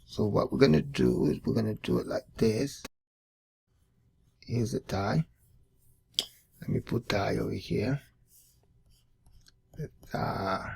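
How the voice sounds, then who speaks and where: A man's voice: fairly low pitch, lively intonation, a little slow, gravelly, pauses often, a little mellow, slightly rough. A man hosting a casual drawing tutorial, thinking aloud and repeating words as he sketches. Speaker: art tutorial host.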